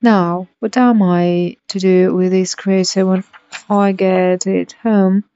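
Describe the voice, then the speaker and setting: A polite, earnest young girl from a storybook, as a woman reading aloud puts her on. She speaks slowly and carefully in a soft, mellow voice. The recording sounds dull and lo-fi. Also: medium pitch, little pitch movement, dry recording.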